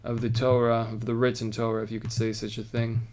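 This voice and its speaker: A man who teaches a relaxed text-study lesson. He reads verses in Hebrew and Aramaic aloud, then explains them in a loose style with asides. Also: mid-range voice, fairly quick. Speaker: Torah teacher.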